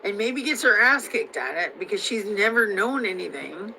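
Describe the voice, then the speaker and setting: A woman's voice: mid-range voice, sing-song, normal speed, vocal fry, bright, forceful tone, a little hiss or hum, poor audio. A young woman from Missouri in a heated, profane, rambling rant, stacking up fillers as she vents. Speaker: vlogger.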